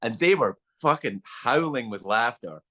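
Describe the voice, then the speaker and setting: A man's voice: mid-range voice, normal speed. A middle-aged Scottish man telling a story as a podcast guest, swearing freely and acting out the lines of the people in it. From Scotland. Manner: animated storyteller, acts out quotes, swears freely. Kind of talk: casual storytelling chat.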